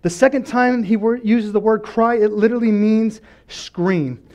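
Man, pastor, sermon, high-pitched voice, impassioned, loud pleas and hushed lows. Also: moderate pace. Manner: impassioned, swings between loud pleading and quiet lows, laughs often. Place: church.

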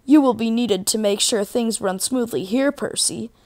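A woman's voice: a little high, moderate pace, a little mellow, no echo, close to an everyday voice. Woman doing a formal railway boss. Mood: kindly. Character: stately jolly male railway boss.

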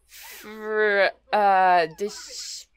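A woman's voice: mid-range voice, smooth. A young woman casually commenting on her gameplay, chatty and easily delighted, laughing often. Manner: chatty, giggly, exclaims at small things. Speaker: let's play host.

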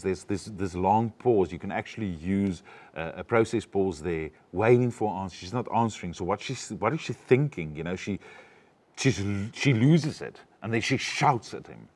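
A man with a low, deep voice coaching a young actor. His delivery rises and falls a lot as he explains and demonstrates how to speak the lines. He talks in an animated, teaching way. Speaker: acting coach. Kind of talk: coaching a student.

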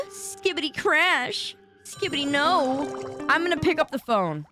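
Goofy woman streamer, lively voice. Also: high-pitched, unhurried, music in the background. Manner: playful, goofy, repetitive exclamations. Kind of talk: casual game-stream commentary.

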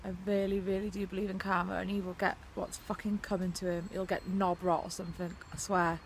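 A woman's voice: on the low side, level tone, brisk, slight background noise. A woman with a Welsh accent, ranting to camera in a vlog, swearing heavily, blunt and sarcastic. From Wales. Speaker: vlogger. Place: outside her house.

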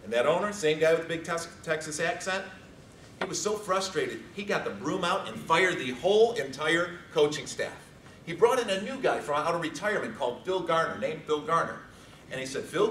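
A man from Chicago giving an animated, joking competition speech to an audience in a large hall. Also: fairly high pitch, a little fast, slight background noise. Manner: animated storytelling with jokes. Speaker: speech contest contestant. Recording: echoey hall from far off.

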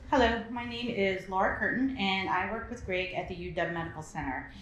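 A woman giving prepared remarks at a memorial service, measured and steady. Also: mid-range voice, a little hiss or hum. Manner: measured, reading from notes. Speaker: memorial speaker, former supervisor. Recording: echoey hall.

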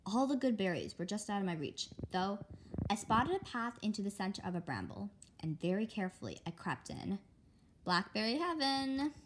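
A woman reading a graphic novel aloud with expressive storytelling. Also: mid-range voice, a little fast, noisy background. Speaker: reader.

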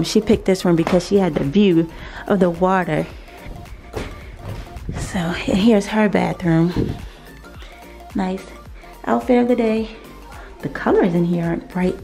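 With a fairly low, dark voice and some vocal fry, a woman vlogger gives a casual tour of a large vacation house, chatting, thinking aloud and laughing often. She moves from indoors out onto a deck, with background music playing beneath her voice.

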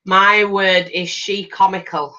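Slow and mid-range, her voice comes through a muffled recording as this grandmother works on a craft tutorial for her channel. She keeps up chatty storytelling as she crafts, lively and putting on small voices for the people in her stories.

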